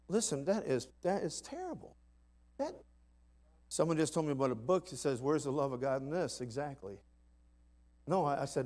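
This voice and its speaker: A man preaching a sermon in a folksy, emphatic way, dropping to soft asides and rising to loud climaxes. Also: fairly high pitch, big pitch swings, fairly quick. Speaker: pastor. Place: church sanctuary.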